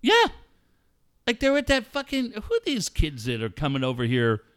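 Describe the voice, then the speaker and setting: A man hosting a radio show, telling a story in loud, mocking, profanity-laced banter. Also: a little high, moderate pace, clean tone. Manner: loud, mocking, animated storyteller who swears a lot.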